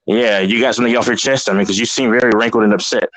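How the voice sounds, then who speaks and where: A man arguing on a heated online debate panel, talking fast, defensive and repeating himself. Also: fairly low pitch, steady tone, a bit bright, no echo, low-quality recording.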